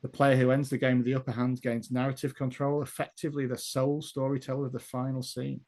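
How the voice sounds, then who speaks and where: Male GM, mid-pitched, easygoing narration full of ums and laughs. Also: little pitch movement, quick pace, a little mellow. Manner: laughing, loose storytelling with fillers. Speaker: game master. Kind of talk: narrating a tabletop game.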